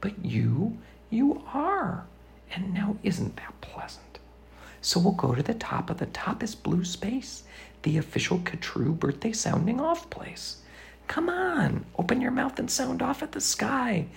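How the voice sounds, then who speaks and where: A man's voice: very high-pitched, big pitch swings, a little slow, creaky, slight background noise. A man reading a rhyming children's book aloud as a father, in a sing-song rhythm that often drops to a whisper. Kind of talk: storybook read-aloud.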